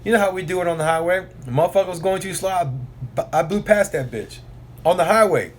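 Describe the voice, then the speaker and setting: A man's voice: high-pitched, brisk, slight background noise. A man who drives oilfield trucks tells a rambling, profane story in a casual vlog, repeating himself and filling the gaps with asides.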